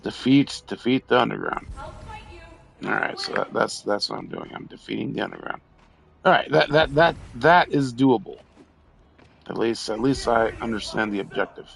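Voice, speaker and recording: A man's voice: medium pitch, moderate pace, gravelly, fairly bright tone. A man streaming a video game while drunk, rambling and stammering, swearing at enemies as he plays. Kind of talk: casual drunk gameplay commentary.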